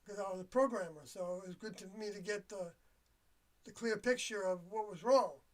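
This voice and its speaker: An older livestream host, talking alone in a loose, confiding monologue, with mid-range pitch. The speech comes in halting, trailing phrases as the speaker searches for words. The voice sits a little back from the microphone. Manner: reflective and confiding. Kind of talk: rambling solo livestream monologue. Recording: voice a bit distant from the mic.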